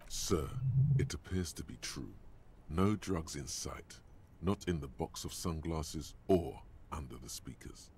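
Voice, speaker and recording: A man voicing the deep, dry inner voice of a detective's mind in a video game, calmly commenting on what others say. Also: a little slow, a little hiss or hum. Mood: knowing. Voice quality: gravelly. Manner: calm, wry commentary on others' lies. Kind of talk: game voice acting.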